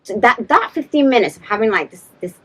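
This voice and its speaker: A woman's voice: a little high, sing-song, quick pace, a bit bright, slightly rough. A woman, a podcast guest telling stories in a casual interview and animatedly acting out the people in them. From London.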